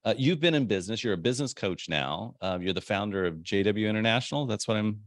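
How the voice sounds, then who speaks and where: A man's voice: on the low side, expressive, fast talker, no room sound, clean studio sound. A man hosting a podcast, upbeat and rambling, joking often with his guest. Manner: upbeat, rambling, jokey, laughs a lot. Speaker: podcast host. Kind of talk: podcast interview.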